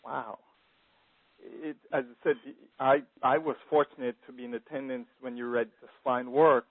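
A man's voice: medium pitch, fairly even intonation, normal speed, no room sound. A man hosting a radio interview, making admiring remarks and laughing easily. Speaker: radio host. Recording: dry, phone-like radio line.

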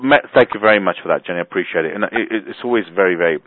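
A man's voice: low voice, very fast, no room sound. A man hosting a business conference call, rambling and emphatic, repeating words for stress, heard over a phone line. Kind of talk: casual call talk. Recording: tinny phone line, dry.

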